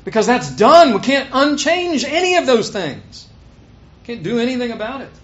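A man preaching a sermon, swinging between loud, stressed points and quiet asides, on a dull lo-fi recording. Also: very high-pitched, very animated, moderate pace.

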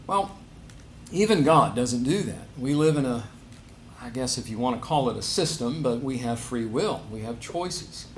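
A man's voice: medium pitch, expressive, moderate pace, slight background noise. A man preaching a sermon in a conversational way, rising to emphatic stresses on key phrases. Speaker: pastor.

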